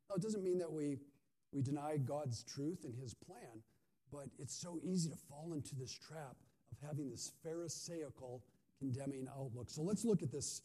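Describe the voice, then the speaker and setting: A man's voice: a little high, warm tone. A male pastor giving a conversational sermon, often asking his listeners questions. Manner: conversational, asks the audience questions.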